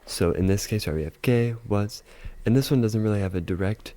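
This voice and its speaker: A man with a deep voice teaches a casual video lesson. His tone is warm and relaxed, and he works through each point step by step. He pads his talk with easy fillers and says example phrases slowly. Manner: explains step by step, repeats phrases slowly, fillers like "you know". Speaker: language teacher.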